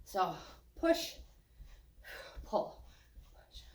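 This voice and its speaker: An older woman fitness instructor leads a walking workout, speaking extremely slowly in a reverberant space. Out of breath, she jokes and sighs between encouraging cues.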